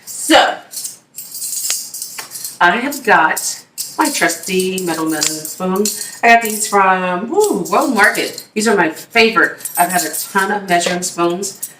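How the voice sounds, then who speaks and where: A woman's voice: medium pitch, lively intonation, a little slow, fairly bright tone, soft background music. A woman hosting a casual cooking demo, chatty and upbeat, talking straight to her viewers. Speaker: cooking video host. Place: home kitchen. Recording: echoey room, mic at a distance.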